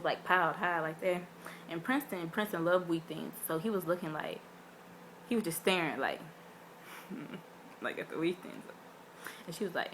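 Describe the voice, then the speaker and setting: A woman's voice: on the low side, a little hiss or hum. A woman vlogger telling a story in a chatty, casual way, full of fillers and acting out what people said. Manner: animated, acts out quotes with big voice swings.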